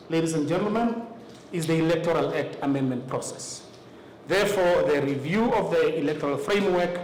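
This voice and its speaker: Namibian man giving a formal briefing. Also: fairly high pitch. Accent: Namibian English. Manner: measured, deliberate delivery with frequent "uh" pauses. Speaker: electoral commission official presenting to party representatives. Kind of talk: formal meeting presentation. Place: meeting room. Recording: echoey room, faint ambient noise.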